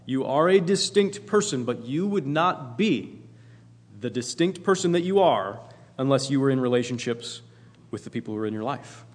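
A man's voice: medium pitch, expressive, moderate pace. A man preaching a sermon in an earnest, emphatic way, often repeating himself for emphasis. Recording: long hall reverb.

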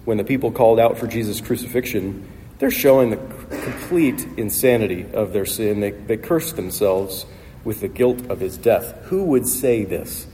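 A man's voice: fairly low pitch, steady tone, normal speed, warm tone. A male pastor preaching a sermon with emphatic, repetitive rhetorical phrasing, recorded in a church hall. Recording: long hall reverb, faint noise.

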